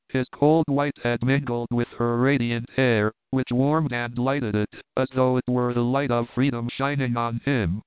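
A man narrating a classic novel in a steady, measured storytelling manner. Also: mid-range voice, clear, resonant tone, no echo. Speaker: audiobook narrator. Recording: dry tinny phone-like sound.

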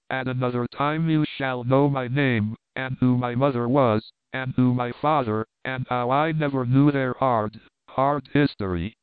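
A man's voice: medium pitch, smooth, dry recording, close to an everyday voice. A man reading the lines of a devoted young woman, earnest and pleading, heard over a tinny phone-like line. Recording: dry tinny phone-like sound.

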